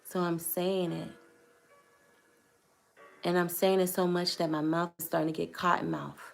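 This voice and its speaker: A woman's voice: on the low side, level tone, normal speed, vocal fry, soft background music. A young woman vlogger telling a personal testimony to camera in an earnest, hesitant way, choosing her words carefully.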